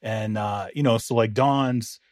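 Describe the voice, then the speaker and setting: A man co-hosting a sports podcast, telling a story in lively casual chat and laughing often. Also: fairly low pitch, a little slow, no room sound, studio quality. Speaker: podcast co-host, NFL writer.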